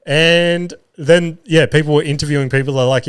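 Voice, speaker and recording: Smooth-voiced man rambling on a podcast. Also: medium pitch, level tone, a little fast, hardly any pauses. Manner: rambling, swears freely, many fillers; loses his words mid-thought. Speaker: podcast host. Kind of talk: solo casual chat.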